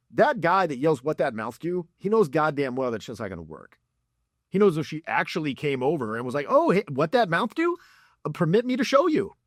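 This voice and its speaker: A man's voice: mid-range voice, no room sound, studio quality. A man giving blunt, profane dating advice as a coach. He talks in a mocking way and acts out examples in put-on voices.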